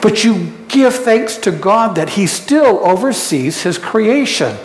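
A pastor delivers a sermon at a slow, deliberate pace, the voice rising and falling in a lively way. The talk is unhurried, with questions put to the congregation and a touch of humor. It is recorded in a church sanctuary with long, roomy reverb and faint background noise. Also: mid-range voice. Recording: echoey church hall reverb.

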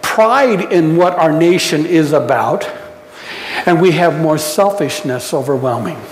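A man from the United States preaching a sermon in a slow, reflective way with pauses, recorded with a roomy echo and long reverb. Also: fairly high pitch, lively intonation, slight background noise. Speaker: pastor.

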